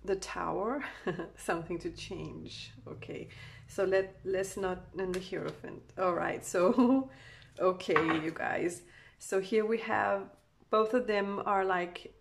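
A woman's voice: medium pitch, fairly even intonation, slow, vocal fry, a little hiss or hum. A woman giving a channeled tarot love reading. She rambles with many fillers and speaks emotively for the people she reads about. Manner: rambling, full of "you know" fillers; emotive, voices what the couple feel. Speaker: tarot card reader.

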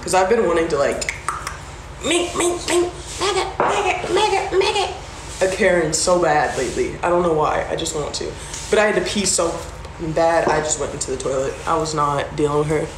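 A woman's voice: deep voice, a little fast. A woman on a phone livestream, casually telling a story, acting out the voices of the people in it and swearing freely. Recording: roomy with background noise.

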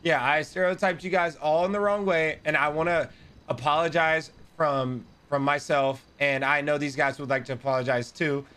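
A young man role-playing a brash, indignant man who loudly and repeatedly heckles a police officer in an online role-play game. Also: on the high side, steady tone, moderate pace, smooth. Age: young adult. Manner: loud, repetitive, heckling. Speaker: streamer.

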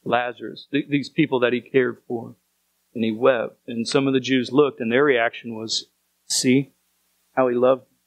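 A man's voice: mid-range voice, steady tone, normal speed, no room sound, low-quality recording. A man preaching a sermon as pastor, speaking earnestly and repeating phrases for emphasis.

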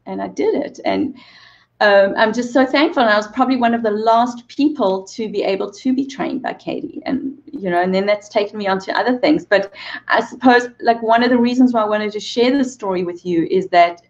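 A woman's voice: mid-range voice, brisk, muffled recording. A woman in her forties, a movement coach and interview guest, telling an emotional personal story with earnest repeated phrases and bits of laughter.

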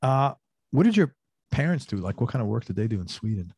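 A man's voice: mid-range voice, very animated, fairly quick, darkish tone, slightly rough, no echo, clean studio sound. A man hosting an interview, asking enthusiastic, rambling questions in a casual way. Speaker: interview host.

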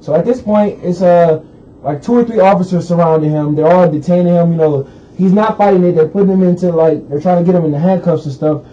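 A man's voice: sits high, fast talker, warm tone. A man co-hosting a radio talk show, recounting a news story in loose, rambling casual chat with lots of fillers. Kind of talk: casual current-events chat. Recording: dull lo-fi radio recording, faint hiss.

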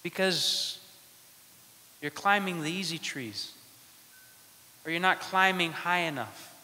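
A male priest delivers a sermon in a slow, deliberate cadence, pausing between short phrases. His voice sits a little high and has a bright, forceful edge. The church gives it a long, ringing reverb. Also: animated. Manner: slow, measured preaching with dramatic pauses.

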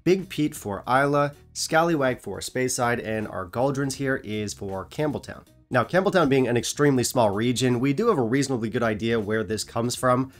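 A man hosting a whisky review channel, talking casually with dry, self-mocking humor and a non-British English accent. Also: medium pitch.

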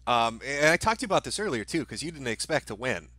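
A man hosting an interview, asking questions in a casual, quick way. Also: mid-range voice, big pitch swings, bright, forceful tone, no echo. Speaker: host.

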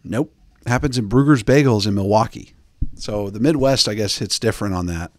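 A man's voice: lowish voice, a little fast, dry recording, studio quality. A man hosting a podcast, chatting casually in a rambling, joking way with lots of fillers. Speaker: podcast host. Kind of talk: casual chat.

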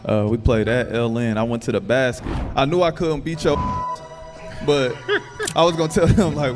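A man telling stories casually on a podcast, acting out other people's lines in high, exaggerated voices. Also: fairly even intonation, moderate pace, music in the background. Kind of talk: casual storytelling chat.

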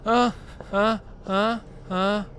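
A man's voice: high voice, flat delivery, very slow, a bit bright, slight background noise. A young man commentating a horror game as he plays, jumpy and panicky, breaking into screams and swearing when something startles him. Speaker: gaming YouTuber.

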